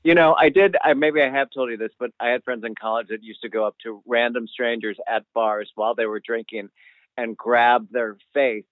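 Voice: medium pitch, fairly even intonation, a little fast, no room sound. A podcast co-host chatting casually with dry jokes and anecdotes. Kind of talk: casual comedic chat. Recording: tinny phone-like line.

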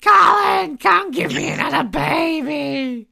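A man doing a teasing, shrill impression of a lovestruck wife, a grown woman. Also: slow pace, vocal fry, bright, forceful tone, full character voice. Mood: gushing.

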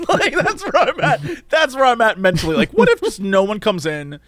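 A man with a high, bouncy voice chats casually with a co-host, swinging his pitch all over as he jokes and mimics people. The sound is dry and close, with no room around it. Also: normal speed, few pauses, no echo. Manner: animated, playful, mimics others in quoted voices. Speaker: podcast co-host. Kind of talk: casual chat.

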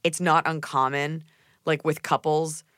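A woman's voice: low voice, flat delivery, a bit bright, no echo. Woman podcast co-host, young, blunt and sarcastic, dry close-mic sound. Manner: blunt, sarcastic, quick asides. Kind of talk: casual chat.

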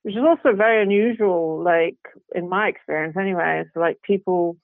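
Speaking a little fast in a fairly low voice, the British guest actress rambles through casual interview chat, laughing, restarting and saying "you know" often. It's a dry, tinny, phone-like recording with no room sound.

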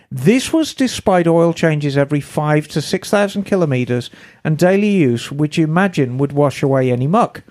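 A woman's voice: sits low, a little mellow. Chatty woman co-hosting a motorcycle podcast. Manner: chatty, easygoing, casual swearing. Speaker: podcast co-host. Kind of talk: casual chat, reading listener emails.

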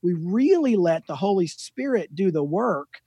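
A man in his fifties with a notably high, husky voice, telling lively, self-deprecating stories as a guest author. The recording is dry and close, with no room sound. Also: unhurried, no echo. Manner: animated, self-deprecating storyteller. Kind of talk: casual storytelling interview.

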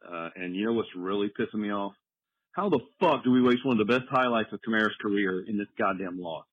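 Fast-talking irritated male caller. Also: fairly low pitch, breathy edge, dry recording, highs cut off. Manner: irritated, profane. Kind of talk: voicemail rant.

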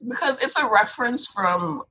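A young woman co-hosting a podcast, chatting casually, laughing often and throwing in quick asides. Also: fairly high pitch, lively intonation, sharp tone, husky, low-quality recording. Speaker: podcast co-host. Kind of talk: casual chat.

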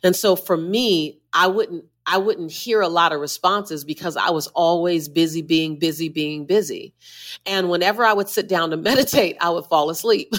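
A woman's voice: fairly low pitch, moderate pace, fairly bright tone. A woman who is a motivational speaker, a guest on a podcast interview, talking with emphatic, preacher-like repetition.

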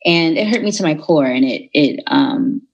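A young woman telling a personal story in a casual, animated way, acting out the people in it. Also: low voice, moderate pace, vocal fry, dull audio. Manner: animated, retells dialogue in voices.

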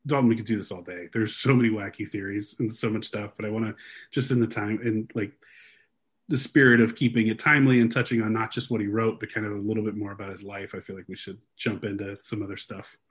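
A young man hosting a casual podcast, walking his co-host through research in an animated, rambling way full of fillers. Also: lowish voice, fast, husky. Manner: animated storyteller, frequent fillers and restarts.

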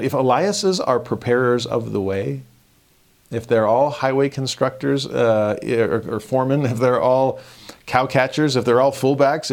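A man giving a casual scripture lesson, animated and acting out the dialogue in quick voices. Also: mid-range voice. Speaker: scripture teacher.

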